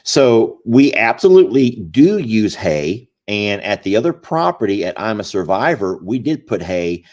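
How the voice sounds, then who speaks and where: A man's voice: fairly low pitch, big pitch swings, moderate pace, a little mellow. A man hosting a casual livestream, folksy and playful, rambling with restarts. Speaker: animal sanctuary owner, livestream host.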